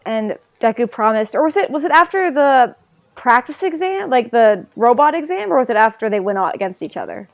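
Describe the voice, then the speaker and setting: A woman co-hosting a podcast, chatting in an animated way and retelling scenes. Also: fairly high pitch, fairly quick, creaky. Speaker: podcast co-host. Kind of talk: casual anime discussion.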